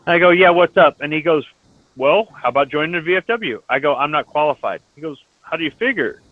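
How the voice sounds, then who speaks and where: A man's voice: on the high side, expressive, fairly quick, no room sound. Blunt, profane man on voice chat. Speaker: Marine veteran chatting in an online lobby. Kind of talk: casual voice chat. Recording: tinny phone-like voice chat.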